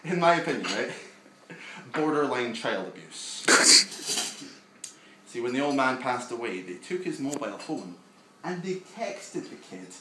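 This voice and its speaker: A man's voice: medium pitch, lively intonation, unhurried, long pauses. A young man doing a live stand-up set in a small basement venue, wry and self-deprecating, bantering with the front row. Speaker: stand-up comedian. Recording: echoey room with audience noise. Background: audience ambience and laughter.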